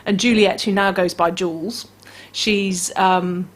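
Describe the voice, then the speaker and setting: A New Zealand woman talks through children's and teen books on a radio show, chatty and animated. She slips into little character voices when she reads a line. Her voice has a soft, slightly husky edge. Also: mid-range voice, takes it slowly. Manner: chatty, acts out story voices. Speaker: bookshop book reviewer. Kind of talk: casual radio book review.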